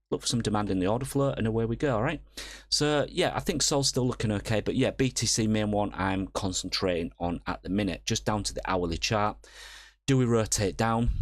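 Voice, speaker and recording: A man's voice: fairly low pitch, dry recording. A man hosting a casual crypto market update, walking through charts and often checking in with viewers with "okay?". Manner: chatty, checks in with viewers with "okay?" and "all right?". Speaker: crypto trader and channel host.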